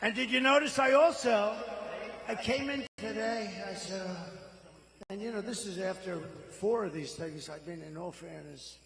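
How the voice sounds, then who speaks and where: A man's voice: high voice, normal speed, creaky, a bit bright, big-room sound, a little hiss or hum, poor audio. A man in his seventies giving an off-the-cuff, rambling, boastful campaign rally speech into a stage microphone. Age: 70s. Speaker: political candidate. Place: large rally venue.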